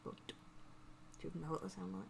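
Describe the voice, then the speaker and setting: A woman's voice: on the low side, flat delivery, a little fast, vocal fry, a little mellow, slight background noise. A woman co-hosting a casual quiz night, reading answers and firing back dry, sarcastic remarks. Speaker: quiz co-host. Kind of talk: casual chat.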